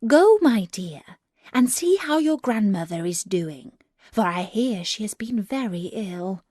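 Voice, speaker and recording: A woman voicing a caring mother in a storybook, speaking gently and coaxingly. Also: mid-range voice, lively intonation, a little slow, dry recording, clean studio sound. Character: caring mother of a little girl.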